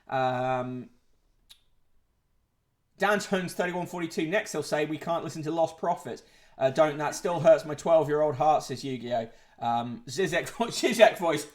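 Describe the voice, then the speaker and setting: A man hosting a casual livestream, reading out newspaper headlines and chat comments with sardonic asides, swearing and frequent fillers. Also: fairly high pitch. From United Kingdom.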